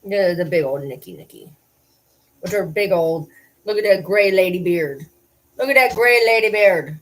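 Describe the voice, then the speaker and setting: A woman's voice: on the low side, expressive, moderate pace. A woman chatting casually on a livestream from home, talking playful baby talk to the dogs on her lap and laughing often.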